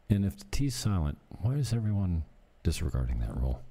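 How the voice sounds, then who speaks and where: Man, very low voice, dark and mellow tone, rambling casual commentary. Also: sing-song, fairly quick, few pauses, breathy edge. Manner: rambling, ranting, self-deprecating. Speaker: co-host reacting to videos.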